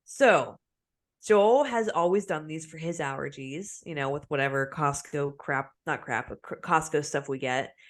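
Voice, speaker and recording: With a low voice at normal speed, this young podcast co-host chats casually through a story, laughing a lot and performing different voices with animated energy.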